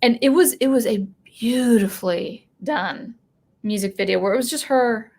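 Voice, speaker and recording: A woman with a slightly high, somewhat mellow voice talks at a moderate pace. She hosts a music live stream, chatting casually and rambling, often restarting her sentences as she reads viewer comments aloud.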